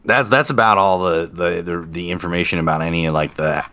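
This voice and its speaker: A man co-hosting a podcast in casual chat, reading from notes in a halting way with repeated words. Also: low-pitched, fairly even intonation, sharp tone. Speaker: podcast co-host.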